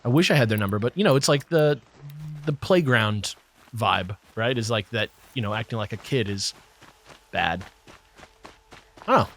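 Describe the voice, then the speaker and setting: A man's voice: moderate pace, pauses often. A man hosting a let's play, chatting casually over gameplay and rambling with lots of fillers. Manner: rambling, many fillers, lively pitch swings.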